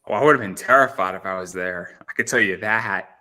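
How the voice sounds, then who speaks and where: A man's voice: low-pitched, fairly quick, sharp tone. A man hosting a casual interview podcast, laughing often and swearing freely. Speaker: podcast host.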